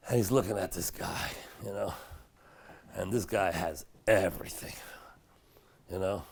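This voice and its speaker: Gravelly low-voiced middle-aged rabbi. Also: male voice, a little slow, long pauses. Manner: chatty and anecdotal, drops to a hushed voice for dramatic story moments. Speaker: rabbi giving a Torah class. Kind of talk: storytelling Torah lecture. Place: synagogue study hall.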